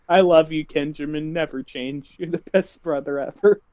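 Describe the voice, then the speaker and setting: A man's voice: on the high side, darkish tone, no echo, highs cut off. A young man in casual chat with his brother as a player in a tabletop game, laughing and teasing.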